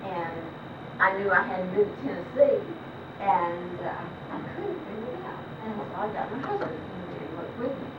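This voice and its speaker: A middle-aged woman tells family anecdotes, chatty and quick to laugh, stumbling through ums and restarts. Her voice sits far from the microphone in an echoey banquet room. The old home-video sound is dull and full of background noise. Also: mid-range voice, lively intonation. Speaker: family member telling stories at an anniversary party. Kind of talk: anecdotal storytelling to a crowd.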